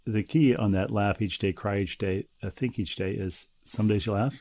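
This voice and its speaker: Wry gravelly man reading mail. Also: fairly low pitch, fairly even intonation, darkish tone, no echo. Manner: wry, teasing, halting with restarts. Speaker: podcast co-host. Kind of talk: casual chat, reading listener mail.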